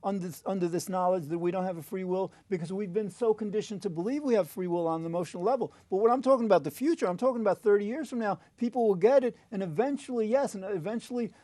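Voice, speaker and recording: A man's voice: sits high, fast talker, few pauses, mellow, no echo. A man in a podcast debate, explaining his point earnestly, with frequent restarts and fillers.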